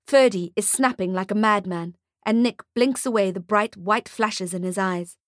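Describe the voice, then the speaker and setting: A woman narrating an audiobook short story in a steady storytelling manner, close to the mic. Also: medium pitch, normal speed, no echo. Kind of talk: scripted narration.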